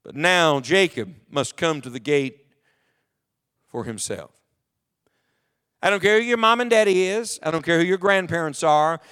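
A man pastor preaching a sermon to his church, swinging from loud exhortation to a hushed near-whisper. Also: on the high side, expressive, moderate pace, long pauses, clean tone. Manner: preaching with sweeping swings in volume, dropping to near hush. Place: church sanctuary.

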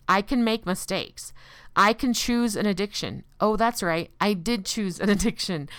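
A woman's voice: medium pitch, fairly bright tone, clean tone, dry recording. A woman speaking in an earnest, reflective monologue about faith and recovery, asking rhetorical questions and quoting common sayings with sarcasm.

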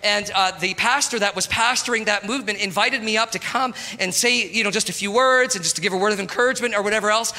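A man preaching an animated sermon, his voice sitting very high with a sharp, bright edge. He keeps calling out to the congregation as he talks. The sound rings with long reverb from a church hall. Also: fast talker, hardly any pauses. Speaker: pastor.

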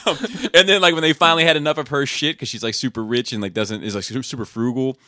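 A man's voice: medium pitch, quick pace, pushed and bright, no echo, studio quality. A man hosting a podcast in casual chat, rambling and profane as he retells scenes. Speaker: podcast host.

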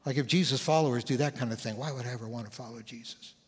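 A man in his sixties, a pastor, telling a personal story in a sermon, conversational and animated, acting out what people said. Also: mid-range voice, racing, breathy edge. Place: church sanctuary. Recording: long church hall reverb.

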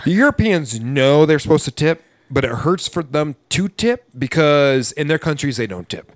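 A man's voice: fairly high pitch, big pitch swings, moderate pace, no room sound, studio quality. A man who hosts a podcast and works as a server, chatting casually in a blunt, profane, ranting way. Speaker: podcast host and restaurant server. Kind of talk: casual chat.

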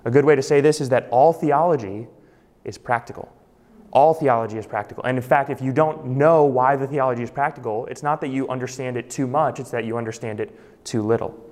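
A male pastor preaches with emphasis and lands on key phrases by repeating them. His voice sits at an ordinary middle pitch. It rings out with the long reverb of a large hall. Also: a little mellow. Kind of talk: sermon.

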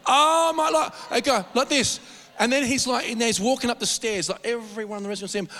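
A man preaching a sermon, telling stories in an animated, rambling way with many restarts. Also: sits high, moderate pace, long reverb tail. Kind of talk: storytelling sermon.

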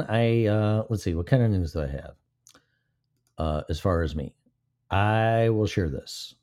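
A man's voice: deep voice, expressive, unhurried, mellow. A man hosting a live-stream show in casual, rambling, profane talk, with his mic off to the side of his mouth. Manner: rambling and profane, killing time. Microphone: mic placed to the side of his mouth.

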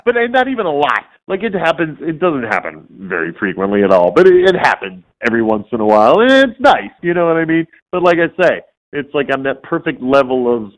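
Animated male voice actor telling stories. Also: medium pitch, brisk, hardly any pauses, muffled recording. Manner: animated storyteller who acts out quoted voices. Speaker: voice actor guest. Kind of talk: casual interview storytelling.

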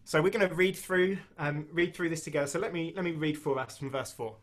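A man delivers a sermon in a relaxed, conversational way, with a few restarts as he thinks aloud. His voice sits a little higher than most men's. When he reads scripture he slows down and leans on the key phrases. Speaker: preacher.

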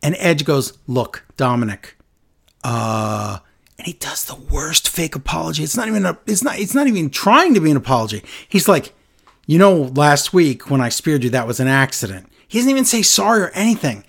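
A man chatting casually on a podcast, animated and acting out quotes in a lowered voice. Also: moderate pace, creaky. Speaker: podcast co-host recapping wrestling. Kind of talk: casual chat.

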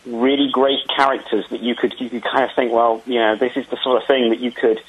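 A man talks through his filmmaking in a relaxed interview, stopping and restarting his sentences often. His voice is slightly husky and sits in an ordinary middle register. The sound is muffled and lo-fi, as if coming over a remote call. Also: mid-range voice, brisk. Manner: hesitant, many restarts and ums. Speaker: film director being interviewed. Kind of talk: casual interview answers.

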